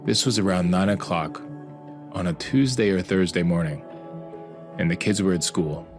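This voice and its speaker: A man's voice: low voice, moderate pace, music in the background. A man hosting a podcast, narrating a personal story in an earnest, reflective and heartfelt way. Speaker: podcast host.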